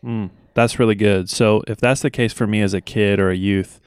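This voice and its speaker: A man co-hosting an interview, asking a question gently and thoughtfully. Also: lowish voice, steady tone, moderate pace, clean tone, dry recording, studio quality.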